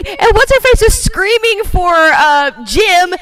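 A podcast co-host jokes about a horror sequel with a lively, swooping delivery. The speaker laughs often and keeps the chat playful and loose. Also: very high voice, measured pace. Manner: animated, laughing, jokey. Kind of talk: casual movie review chat.

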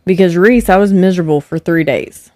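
A woman's voice: lowish voice, fairly quick, dry recording, clean studio sound. A young woman, a podcast guest telling stories in casual chat and acting out what people said. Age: young adult. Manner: animated, acts out quoted voices. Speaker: podcast guest, host's wife.

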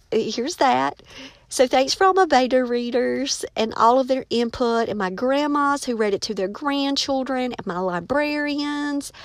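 Gushing, fairly high-voiced woman author. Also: dry recording. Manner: enthusiastic, gushing. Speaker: children's book author; teacher. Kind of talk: casual chat to viewers.

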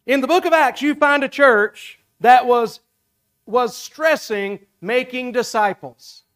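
A man's voice: very high-pitched, slow, a bit bright. A male pastor with a Southern American accent preaching a sermon, emphatic and repetitive, with folksy asides to his congregation.

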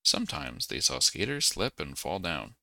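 A man reading a bedtime story aloud, calm and gently expressive. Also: deep voice, moderate pace, gravelly, dry recording.

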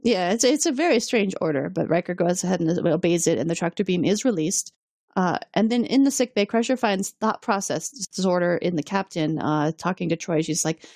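A woman's voice: fairly low pitch, fairly quick, no echo, clean studio sound. A woman co-hosting a podcast, casually recapping an episode and acting out characters' lines. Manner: animated, acts out characters' lines in quotes. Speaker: podcast co-host.

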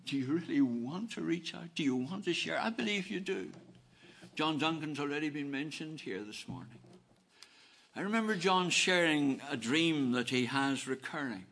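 The sermon comes from a man whose voice sits a touch high; he preaches earnestly and with emphasis. He alternates between soft and loud passages, repeating his phrases.

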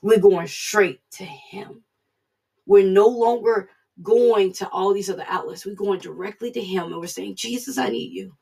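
A woman's voice: mid-range voice, moderate pace, creaky, darkish tone, husky, distant mic, rough recording. A woman giving an informal online devotional sermon, earnest and conversational, repeating her points as she preaches. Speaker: devotional speaker.

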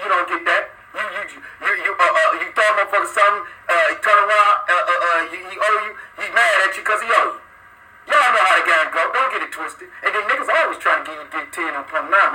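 High, bright-voiced man. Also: poor audio. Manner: rambling, swears freely, greets listeners by name. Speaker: podcast host. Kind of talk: casual live call-in monologue.

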